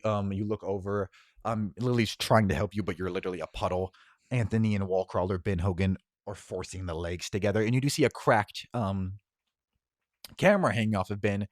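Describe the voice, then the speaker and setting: A man with a very low voice narrates a tabletop superhero game as game master. He talks casually, dotted with ums. The sound is dry and close. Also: no echo. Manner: casual, with many filler ums.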